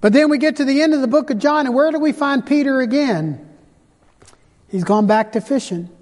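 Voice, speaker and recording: A man preaching a sermon, retelling scripture with dramatic pauses and slowed emphasis. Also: very high voice, a little mellow. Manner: dramatic storytelling, slows for emphasis. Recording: hall reverb.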